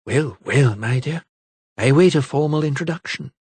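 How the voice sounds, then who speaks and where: A man's voice: mid-range voice, expressive, moderate pace, darkish tone, breathy edge, dry recording. A man voicing a haughty, flirtatious eighteenth-century noblewoman in an audiobook, coquettish and sweetly poisonous. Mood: coy, sweet. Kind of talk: audiobook character voice.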